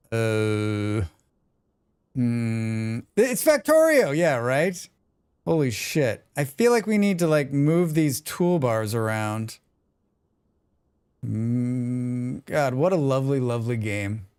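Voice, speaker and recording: Excitable, sweary male game streamer. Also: medium pitch, smooth, dry recording, clean studio sound. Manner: excitable, swears freely, chats with viewers. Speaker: livestreamer. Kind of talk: casual gaming livestream chat.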